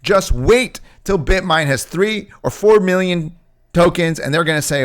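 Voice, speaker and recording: A man with a high voice speaks unhurriedly in a casual market commentary video about crypto stocks. He is brash and emphatic, repeating phrases again and again to drive his points home.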